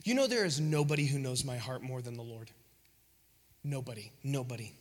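A man preaching a sermon who repeats phrases for emphasis, builds to loud peaks and drops into whispers. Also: medium pitch, fairly quick, in a large hall.

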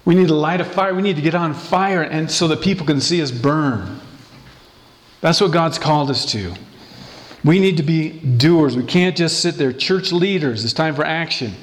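A man preaching a sermon as pastor, passionate and animated, acting out quoted lines playfully. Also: on the high side, normal speed. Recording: echoey room.

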